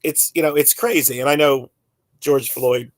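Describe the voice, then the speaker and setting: A man's voice: mid-range voice, steady tone, moderate pace, no echo. A man in his forties, talking in a rambling way full of fillers and restarts in a casual podcast chat. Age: 40s.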